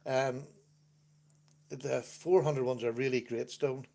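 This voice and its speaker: A man's voice: mid-range voice, steady tone, slow, creaky, darkish tone. Man hosting a casual livestream chat. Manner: chatty, laughs often, reads out viewer comments. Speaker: livestream host. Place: at home at a computer.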